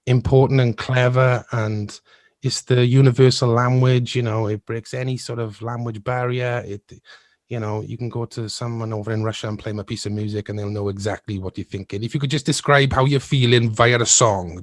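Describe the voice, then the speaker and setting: A male podcast host talks through his ideas in a loose, thoughtful way, chuckling between thoughts. His voice sits at an ordinary pitch. The recording is dry and close, with no room sound. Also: steady tone, fairly quick, no echo. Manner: thoughtful, rambling, often laughs. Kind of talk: casual chat.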